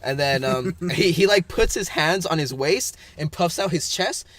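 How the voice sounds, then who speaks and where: A man's voice: a little high, expressive, moderate pace, a bit bright. A man, a podcast co-host, telling a rambling story in casual chat with lots of fillers and bursts of laughter.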